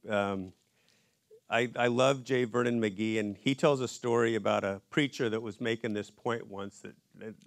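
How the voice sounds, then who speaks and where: A man giving a conversational Bible study in a church, in a casual and relaxed way with folksy asides. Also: mid-range voice, normal speed, no room sound, clean studio sound. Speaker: Bible teacher.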